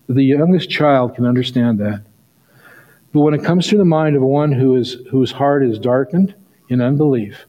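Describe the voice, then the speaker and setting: A middle-aged male pastor preaching a sermon, telling a story and rising to excited peaks. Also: mid-range voice, poor audio.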